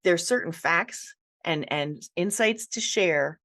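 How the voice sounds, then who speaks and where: A woman guest on a podcast, telling animated stories about her writing work and laughing easily. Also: lowish voice, slow pace, dry recording, studio quality. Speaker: ghostwriter guest. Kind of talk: casual interview chat.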